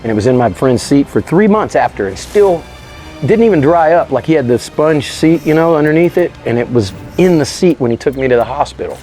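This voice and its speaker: A man telling a story as an interview guest, animated and slangy, swearing freely. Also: a little high, brisk, faint music behind. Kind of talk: casual storytelling.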